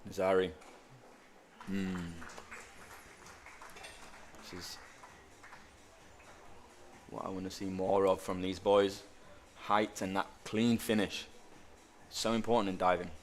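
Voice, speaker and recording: A man's voice: low voice, little pitch movement, slow, long pauses. A man commentating on a diving event in a chatty way, with light-hearted asides between dives. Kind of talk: live sports commentary.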